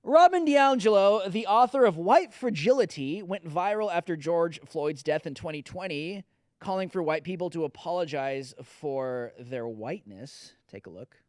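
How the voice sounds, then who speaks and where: A man's voice: fairly high pitch, expressive, moderate pace, a little mellow, dry recording, clean studio sound. A man hosting a political commentary show, talking in a sarcastic, mocking way. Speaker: host.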